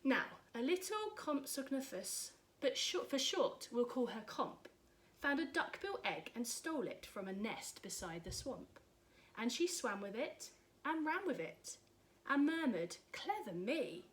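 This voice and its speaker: A woman's voice: high voice, unhurried. Woman reading a rhyming story expressively. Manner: expressive, rhythmic. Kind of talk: reading a rhyming picture book aloud.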